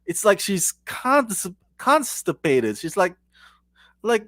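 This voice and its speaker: A male reviewer talks through an episode in a loose, animated ramble. His voice sits a little high. The sound is dry, with no room echo. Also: moderate pace. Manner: rambling and animated, with many restarts and bursts of laughter. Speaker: TV reviewer, channel host. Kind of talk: casual spoken episode review.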